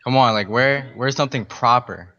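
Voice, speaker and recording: A man's voice: mid-range voice, normal speed, bright, forceful tone. A man calling in to heckle the host, taunting him. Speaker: caller. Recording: muffled, distant call audio.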